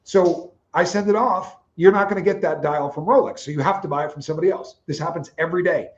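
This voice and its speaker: A man's voice: on the high side, fast, highs cut off. A man co-hosting a livestream, telling stories casually and acting out the dialogue in quotes. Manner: animated, acts out dialogue in quotes. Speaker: co-host of a livestream. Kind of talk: casual storytelling chat.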